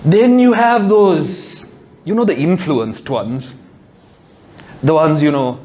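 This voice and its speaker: A man's voice: fairly high pitch, slow pace, pauses often, darkish tone. A male stand-up comedian, sardonic and swearing freely during a set before a live audience.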